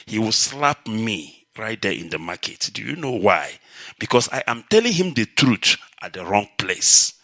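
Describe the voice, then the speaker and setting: A man with a Nigerian accent hosting a live radio call-in show, talking in a measured, lecturing way. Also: fairly low pitch, vocal fry, dry recording. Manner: measured, lecturing, rises to animated shouting when telling stories. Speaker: radio host.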